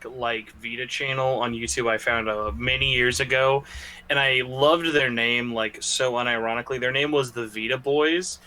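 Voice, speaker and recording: Male podcast guest, middle pitch, bright voice, chatty and rambling. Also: fairly even intonation, moderate pace. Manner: rambling, filler-heavy, joking. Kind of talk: casual podcast chat.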